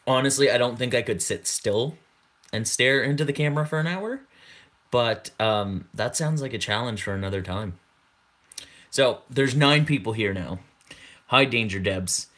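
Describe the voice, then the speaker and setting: A young man chats with viewers in a relaxed, unhurried way, his voice sitting fairly low. He circles back on his own words and laughs along as he goes. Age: 20s. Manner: rambling, repeats words, laughs often. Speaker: channel host. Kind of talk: casual livestream chat.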